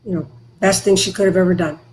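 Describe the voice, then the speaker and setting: A woman's voice: fairly low pitch, fairly even intonation, a little mellow, low-quality recording. Frank middle-aged woman, faint background hiss. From Canada. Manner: frank, halting, emotional at times. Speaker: podcast guest. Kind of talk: candid recovery interview.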